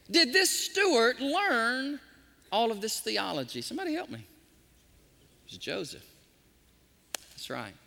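A pastor preaches with a high, bright and very lively voice. His words ring out with long reverb through a large hall. He swings between excited bursts and soft, drawn-out lines. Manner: animated preaching, sometimes softly sings hymn lines. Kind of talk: sermon.

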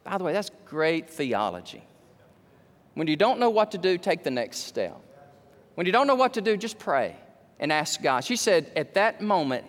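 High-voiced preacher in a reverberant hall. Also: male voice. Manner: storytelling, rising to excited emphatic peaks. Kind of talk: sermon.

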